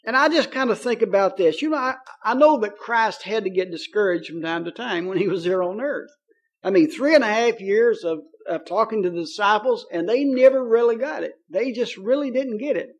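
A man preaching a sermon in a folksy, conversational way, reading scripture aloud and slowing on key phrases. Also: sits high. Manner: folksy and conversational, paraphrasing scripture in plain talk.

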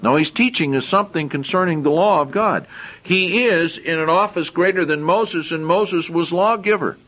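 A man's voice: on the high side, moderate pace, a bit bright, poor audio. A man preaching a sermon. He reads scripture aloud and explains it in plain, conversational asides, often repeating and restarting phrases.

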